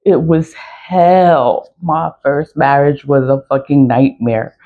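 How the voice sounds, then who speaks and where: A woman's voice: deep voice, takes it slowly. Woman in her 40s, casual storytelling rant, blunt and swearing, dull lo-fi sound. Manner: blunt, profane, laughing. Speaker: spiritual products seller. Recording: dull lo-fi recording.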